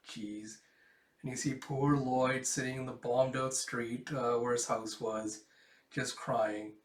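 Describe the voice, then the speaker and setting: A man's voice: medium pitch, fairly even intonation, takes it slowly. Male reaction host reading a comic, rambling delivery, roomy sound. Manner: rambling, with restarts and "it's like". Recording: echoey room.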